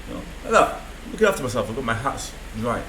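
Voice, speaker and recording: A man's voice: medium pitch, very animated, quick pace, bright, forceful tone, echoey room, a little hiss or hum, poor audio. A man rambling through an unscripted video diary from a room in a mental health hospital, swearing often. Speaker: vlogger.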